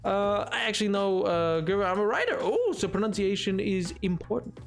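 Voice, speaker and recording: A man's voice: sits high, expressive, fairly quick, hardly any pauses, soft background music. A man streaming a game live, reading chat and answering in a playful, jokey way.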